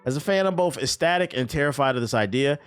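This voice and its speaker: A man's voice: medium pitch, fast talker, clean tone, soft background music. A man giving blunt, profanity-filled reaction commentary on gaming news, mocking what he reads aloud. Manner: blunt, animated, swears freely, mocks what he reads.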